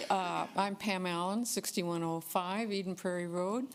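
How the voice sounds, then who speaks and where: A woman's voice: lowish voice, normal speed, hardly any pauses. A woman resident giving public comment at a city council meeting, firmly opposed and repeating words for emphasis. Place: council chamber.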